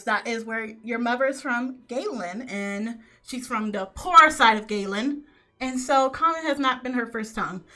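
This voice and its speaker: A woman narrating a tabletop role-playing game as game master, animated and often laughing. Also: on the high side.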